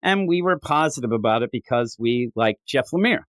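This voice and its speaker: A man co-hosting a comic book podcast in casual chat. He rambles and mocks himself, and his pitch jumps up whenever he quotes someone. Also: lively intonation, brisk, fairly bright tone, no room sound. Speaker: podcast co-host.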